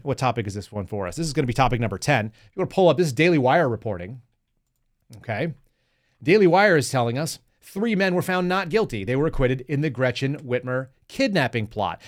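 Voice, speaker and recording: A man hosting a political commentary podcast, reading news aloud and reacting with sarcastic, mocking remarks aimed straight at his listeners. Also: mid-range voice. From Texas. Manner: talks to the audience directly, reads news aloud. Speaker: podcast host.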